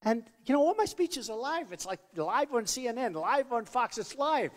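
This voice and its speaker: This man's voice is extremely high and very animated, moving at a moderate pace. As a political candidate at a podium microphone in a large venue, he gives a boastful, rambling campaign speech that repeats itself, echoing with a large hall's long reverb.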